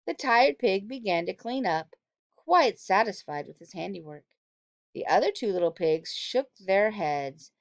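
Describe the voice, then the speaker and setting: Animated woman reading a storybook aloud. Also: mid-range voice, unhurried, dry recording. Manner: expressive, animated, asks listeners questions. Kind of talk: storybook read-aloud with questions to children. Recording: dull, dry lo-fi recording.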